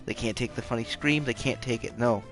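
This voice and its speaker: A man's voice: medium pitch, a little fast. A man rambling goofily and mocking himself while playing a game late at night, keeping his voice down. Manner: rambling, goofy, playfully self-mocking. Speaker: game streamer. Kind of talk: hushed late-night gaming chatter. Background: game music.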